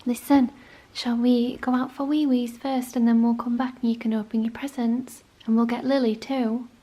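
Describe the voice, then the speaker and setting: A young woman, a vlogger, talking to her dogs at home in doting sing-song baby talk, with gasps and soft whispers. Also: a little high, flat delivery, moderate pace. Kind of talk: casual vlog chat to her dogs. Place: home, indoors.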